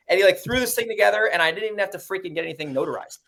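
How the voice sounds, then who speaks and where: A man with a New York accent talking casually in a podcast conversation about his investing, profane and animated, mimicking other people in high mocking voices. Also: rapid-fire, vocal fry, hardly any pauses. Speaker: real estate investor guest.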